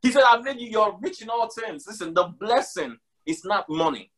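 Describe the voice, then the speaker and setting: A man with a high, bright-sounding voice preaches a sermon. He drives his points home by repeating them, and he slips casual slang in between scripture quotes. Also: lively intonation, normal speed. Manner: emphatic, repeats lines for stress.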